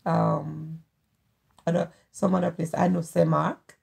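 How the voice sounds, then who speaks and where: A woman's voice: low-pitched, little pitch movement, slow pace, creaky, darkish tone, slightly rough. A middle-aged woman from Haiti with a Haitian accent, whose first language is Haitian Creole. She speaks earnestly and heartfelt as a guest in a casual conversation, often repeating her phrases. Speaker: guest, host's mother.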